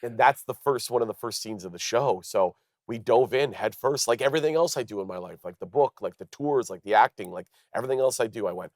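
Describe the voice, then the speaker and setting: A man's voice: fast, few pauses, no echo, clean studio sound. A man in his thirties from Canada, a comedian telling stories as a talk show guest, acting out quoted people. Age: 30s. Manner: lively, acts out quoted dialogue in higher voices. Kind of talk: animated storytelling. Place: television studio.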